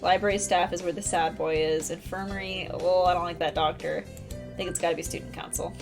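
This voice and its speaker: A woman's voice: fairly low pitch, steady tone, brisk, music in the background. A woman streaming a video game, chatting casually and reading the game text aloud. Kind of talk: casual let's-play commentary.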